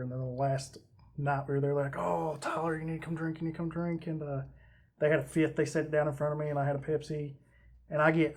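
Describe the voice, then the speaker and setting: A man telling a story in a rambling way, repeating words as he goes. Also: on the high side. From Southern United States. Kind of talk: casual storytelling.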